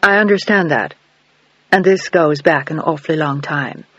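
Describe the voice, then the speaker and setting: A man's voice: fairly high pitch, moderate pace, fairly bright tone, husky, dry recording, dull audio. A male narrator voicing a polite, formal middle-aged investigator in an audiobook. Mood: courteous.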